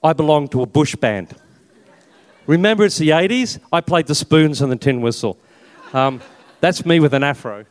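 In a long-reverb hall, a fifty-something Australian priest and army chaplain shares his personal story with slides and self-deprecating humour. His voice is on the high side, animated, and moderately paced, and his tone is chatty.

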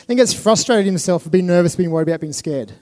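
An Australian man with a high-pitched voice gives a talk to a live audience. He tells his stories with animated energy, laughing and acting out the voices of the people in them. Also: quick pace. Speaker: speaker.

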